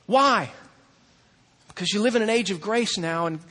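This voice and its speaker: A male pastor preaching in a fairly high voice. He drops to a hush, then climbs back to loud, urgent lines. A long hall reverb trails behind his words. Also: moderate pace. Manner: preaching with big swings from hushed to loud. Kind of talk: sermon.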